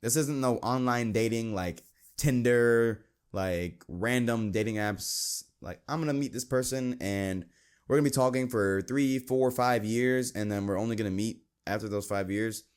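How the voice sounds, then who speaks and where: A man's voice: moderate pace, clear, resonant tone. A young man hosting a Christian podcast, talking earnestly and casually and reading verses aloud. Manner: earnest, conversational, quotes scripture, mimics friends in a high voice. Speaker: podcast host.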